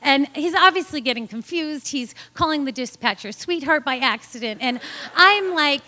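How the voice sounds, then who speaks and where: Bright-voiced woman telling a lively story. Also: sits high, moderate pace, a little hiss or hum. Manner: animated, laughing often, acting out quoted voices. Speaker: storyteller at a live story slam. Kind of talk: live personal storytelling.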